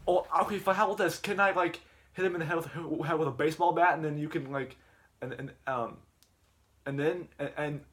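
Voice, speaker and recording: A man's voice: on the high side, fairly even intonation, brisk, a bit bright, pitched above the performer's own voice, close to an everyday voice. A man voicing an exasperated, blunt father. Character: fed-up middle-aged dad, blunt.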